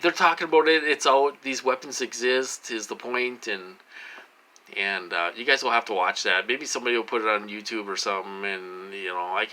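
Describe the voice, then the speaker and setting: Agitated rambling man, bright voice. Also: lowish voice, rough recording. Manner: rambling, many fillers and restarts, agitated complaints. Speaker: vlogger addressing viewers. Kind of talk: casual monologue to camera.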